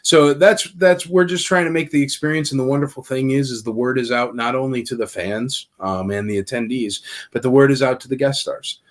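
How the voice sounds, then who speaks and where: Man guest on a chat podcast, chatty storyteller who slips into voices for the people he quotes; mid-pitched, conversational. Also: a little fast, few pauses. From Nashville area. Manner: animated storyteller, acts out quoted dialogue.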